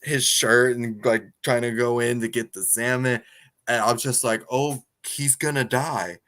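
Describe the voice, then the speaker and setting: A man co-hosting a podcast in casual chat, excitable and amused as he talks. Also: mid-range voice, moderate pace, clean tone. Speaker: movie review podcast co-host.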